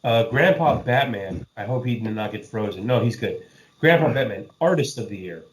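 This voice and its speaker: A male podcast host chatting casually, his pitch swinging widely as he swears and laughs through his picks. The sound is roomy and echoey, with a faint hiss underneath. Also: expressive, normal speed. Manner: loose, profane, laughing. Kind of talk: casual chat.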